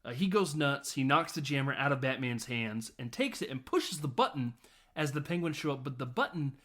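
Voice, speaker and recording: A man recounts a film scene by scene in loose, profane chat. He laughs often and drops into quick quoted lines as he goes, at a middle pitch. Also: lively intonation, fairly bright tone. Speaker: podcast host. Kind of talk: casual film recap.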